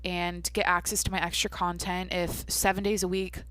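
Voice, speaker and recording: A woman's voice: lowish voice, flat delivery, normal speed, a bit bright, no room sound. Rambling woman on a dry podcast mic. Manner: rambling, swears casually, talks to herself. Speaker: podcast host. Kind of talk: casual solo podcast chat.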